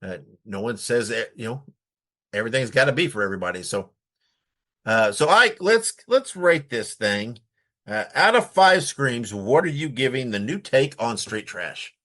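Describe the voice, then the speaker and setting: Man, halting and filler-heavy. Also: medium pitch, animated, sharp tone. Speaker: podcast co-host. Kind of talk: casual podcast chat.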